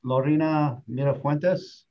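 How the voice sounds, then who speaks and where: A man's voice: on the high side, takes it slowly. Matter-of-fact man on meeting staff. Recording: dull lo-fi meeting audio.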